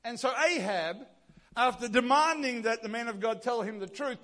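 A pastor preaching a sermon, retelling a scripture story with lively acted-out dialogue. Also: male voice, extremely high pitch, moderate pace.

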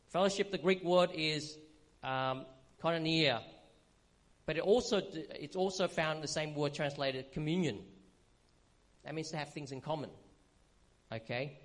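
A man teaching from the pulpit in a relaxed, conversational sermon style. His voice sits a little high for a man, and he keeps checking in with the congregation as he explains. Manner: conversational, frequent "okay?" check-ins and fillers. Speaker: pastor.

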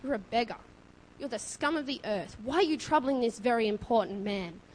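A woman voicing a scornful crowd that scolds a beggar to hush. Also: fairly high pitch, brisk, a little hiss or hum, natural voice, rough recording. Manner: dismissive, scolding.

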